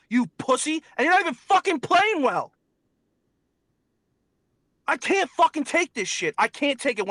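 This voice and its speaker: A man's voice: very high-pitched, sharp tone, no room sound. A young man hosting a sports talk show, ranting angrily and profanely about his team, repeating himself. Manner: angry, profane, repetitive ranting. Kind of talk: heated sports talk rant.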